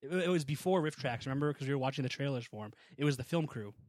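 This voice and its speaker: A man's voice: medium pitch, animated, very fast, a little mellow, no echo. Laughing man reading listener emails. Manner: laughs often, reads emails aloud with asides. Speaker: podcast co-host. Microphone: headphones and computer mic.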